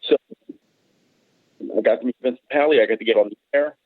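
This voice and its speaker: Over a tinny, dry phone line, a male podcast guest chats casually, rambling through stories and acting out the people in them with animated quotes. His voice is medium in pitch and fairly quick.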